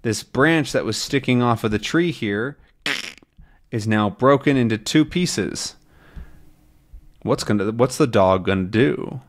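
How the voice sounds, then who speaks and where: A man's voice: mid-range voice, a little slow, pauses often. A man reading a comic aloud for English learners, explaining words and acting out the characters' lines. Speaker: English teacher.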